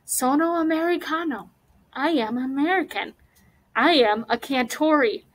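A woman voicing a young Italian immigrant boy, reading his lines slowly and deliberately. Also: sits high, poor audio. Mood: wondering.

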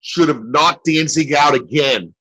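A man's voice: fairly high pitch, a little slow, sharp tone, no room sound, low-quality recording. A man co-hosting a podcast, blunt and exasperated in casual chat, often stumbling over repeated words. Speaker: podcast co-host.

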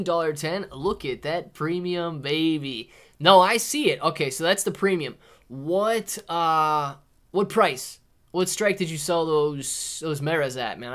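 A man's voice: a little high, fairly bright tone. A man hosting a live stream in casual chat. He reads viewer comments aloud, answers them, and calls people dude and man. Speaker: livestream host.

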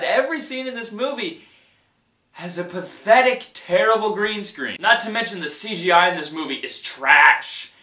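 A man's voice: high-pitched, bright, forceful tone, reverberant. A man giving a casual movie-review rant, emphatic and exasperated, repeating his points and often breaking into laughter.

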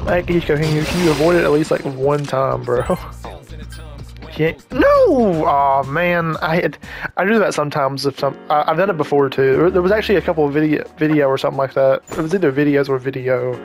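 A man giving casual let's-play commentary, rambling and chatty with frequent self-corrections and quick asides. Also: fairly high pitch, gravelly, faint music behind. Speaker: gaming YouTuber.

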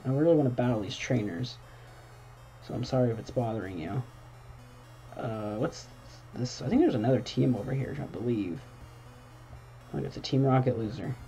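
A man's voice: mid-range voice, warm tone. A young man casually commentating his own gameplay at home, talking back at the game and bursting into exclamations. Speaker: gaming channel host. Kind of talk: casual let's-play commentary. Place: home room at night.

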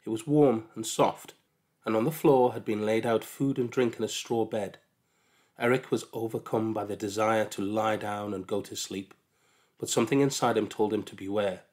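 A man calmly narrating a storybook aloud, with measured delivery. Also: on the low side.

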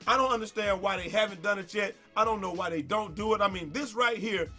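Male gaming YouTuber, fired-up exasperated rant, high-pitched and tense, stumbling over repeats. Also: brisk, faint music behind. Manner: animated, exasperated ranting with stammered repeats and swearing.

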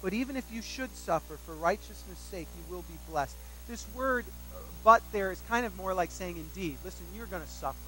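A man delivers a sermon in a high, bright and sharp voice. He leans on repetition to drive points home. He slips into animated, self-mocking storytelling. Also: fairly quick, few pauses, slight background noise, low-quality recording. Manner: emphatic, repeats key phrases for weight. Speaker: pastor.

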